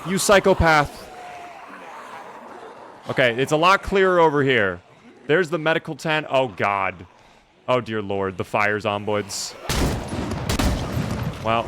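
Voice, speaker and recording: A man streaming a game live, commenting in an animated, jokey way and talking to his chat. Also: medium pitch, unhurried, slight background noise.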